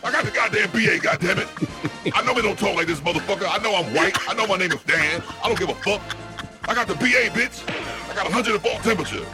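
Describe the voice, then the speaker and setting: A man's voice: high-pitched, expressive, fast talker. A man doing a swaggering tough-guy virus. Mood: raving. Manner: swaggering, profane trash talk. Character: brash tough-talking male covid variant, in the style of a famous TV tough guy. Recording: music playing behind.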